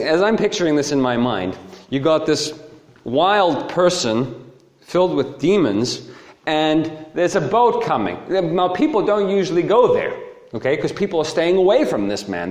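A man preaching a sermon in an emphatic, animated manner, often checking in with his listeners. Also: on the high side. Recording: roomy echo.

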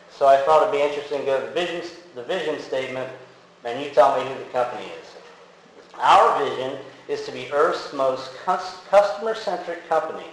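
Man preaching in a very echoey hall. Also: a little high. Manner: conversational, many fillers and restarts. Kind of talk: casual sermon with audience quiz. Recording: very echoey hall with faint ambient noise.

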